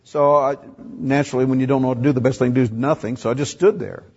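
A man's voice: mid-range voice, fairly even intonation, quick pace, a little mellow, slightly rough, highs cut off. An older man preaching a sermon, telling a story and acting out the dialogue. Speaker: pastor.

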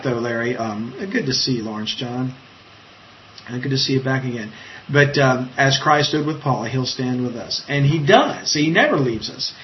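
Casting note: man giving a casual live-streamed Bible talk, halting and chatty, slightly dull sound with faint noise. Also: medium pitch. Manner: conversational, halting, with many fillers and restarts. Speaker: preacher leading an online Bible study.

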